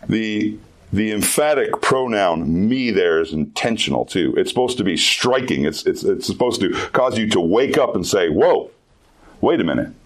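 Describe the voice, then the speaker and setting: A man's voice: fairly low pitch, animated, moderate pace. A man giving a youth sermon as pastor, earnest and emphatic, repeating key phrases for weight.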